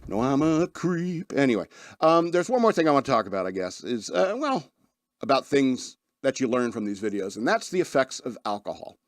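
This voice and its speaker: A man's voice: medium pitch, very animated, a little fast, no echo, studio quality. A man hosting a podcast, talking casually and wryly, rambling and laughing at his own stories. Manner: wry, rambling, laughs often, self-deprecating. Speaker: podcast host. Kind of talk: casual chat.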